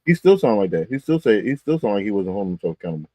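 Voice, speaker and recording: Husky, emphatic man co-host. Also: lowish voice, very animated, rapid-fire, mellow, no room sound. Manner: emphatic, colloquial, repeats phrases for effect. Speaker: sports talk co-host. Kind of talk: live-streamed sports talk.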